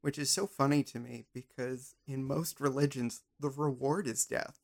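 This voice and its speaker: Podcast host, male, gravelly middle voice, rambling and playful in loose conversation. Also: medium pitch, steady tone, moderate pace. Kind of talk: casual conversation.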